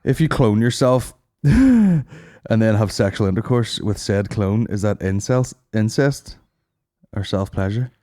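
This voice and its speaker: A young hungover man with a Northern Irish accent, hosting a crude, animated podcast chat full of swearing and mimicked voices. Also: fairly low pitch, unhurried. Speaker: podcast host. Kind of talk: crude casual banter.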